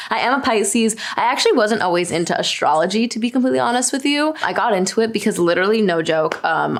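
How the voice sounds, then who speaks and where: A woman in her twenties from Long Island, New York, chatting casually and answering questions about herself with a self-deprecating, laughing manner. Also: mid-range voice. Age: 20s. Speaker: singer answering fan search questions. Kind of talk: casual chat.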